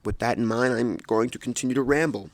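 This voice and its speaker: At home, a man with a mid-range voice hosts his own podcast, talking fairly quickly into a close desk microphone with no echo. His chat is casual and rambling, full of self-corrections and jokey asides.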